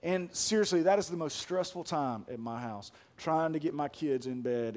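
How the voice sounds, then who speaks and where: A man preaching a sermon with a fairly high voice. He builds his points with slow, emphatic repetition and drops to a soft, hushed tone for personal stories. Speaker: pastor.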